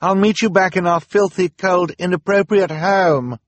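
A man's voice: fairly even intonation, normal speed, dry recording, close to an everyday voice. A man voicing a brave but frightened teenage girl inventor, calling out urgently. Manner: urgent, high and loud.

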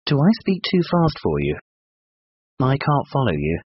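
Male lesson reader, measured phrasebook delivery, animated pitch, dull dry recording. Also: slightly rough, dry recording. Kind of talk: scripted phrase reading.

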